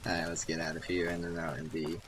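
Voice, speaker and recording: A deep-voiced man playing through a video game, dryly reading in-game notes aloud. Loud traffic noise sits behind him in the recording. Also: completely flat delivery, quick pace. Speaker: gaming channel host. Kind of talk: let's play commentary.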